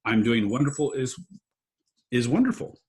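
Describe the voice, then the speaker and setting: An American man leads an online English lesson over a video call. He corrects mistakes gently and praises often. His voice sits at an ordinary middle pitch. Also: big pitch swings, normal speed. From United States. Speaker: English tutor.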